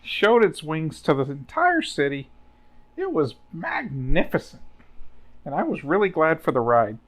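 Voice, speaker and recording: A man's voice: a little high, a little slow. A man playing a tabletop game, joking around in casual chat with his group. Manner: joking, animated. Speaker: player.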